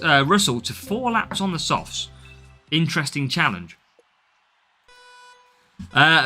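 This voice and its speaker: Here a Midlands man, speaking with his region's accent, uses a medium-pitched voice with a bright, forceful tone. While playing on a live stream, he chats and answers what viewers write in.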